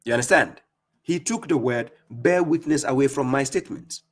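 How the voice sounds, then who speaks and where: A man giving scolding religious commentary on a live stream, mocking opponents and reading verses slowly. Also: mid-range voice. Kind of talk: preaching commentary on played clips.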